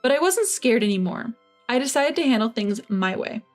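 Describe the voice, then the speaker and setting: A woman reading a first-person revenge story in an even, measured way. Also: a little high, soft background music. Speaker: narrator.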